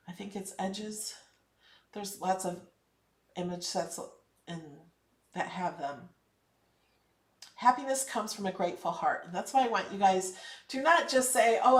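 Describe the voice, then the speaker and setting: A woman's voice: mid-range voice, roomy sound, distant mic. A woman hosting a casual live craft tutorial, chatty and upbeat, encouraging and emphatic when giving advice. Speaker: craft channel host.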